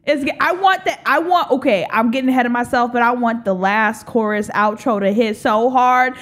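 A woman's voice: fairly high pitch, moderate pace. A young woman hosting a reaction video, gushing and exclaiming as she watches, with faint music behind her. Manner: gushing, exclaims often, calls the viewer girl. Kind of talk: excited reaction commentary. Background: music video playing.

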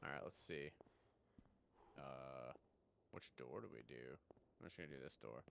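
A man's voice: a bass voice, normal speed, vocal fry, a bit bright, a little hiss or hum. A young man hosting casual co-op gameplay, joking, swearing and exclaiming at scares. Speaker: gaming channel host.

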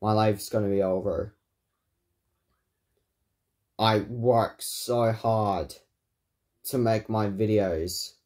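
A man ranting angrily in a vlog, swearing often and repeating himself in halting bursts. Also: lowish voice, steady tone, darkish tone. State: angry. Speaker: YouTuber. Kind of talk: angry vlog rant.

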